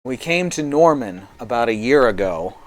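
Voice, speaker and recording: A man voicing a grieving, guilt-ridden masked fighter in a live-streamed tabletop game, telling the story slowly and haltingly. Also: mid-range voice, animated, close to an everyday voice, low-quality recording. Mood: mournful. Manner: slow, halting, tearful storytelling.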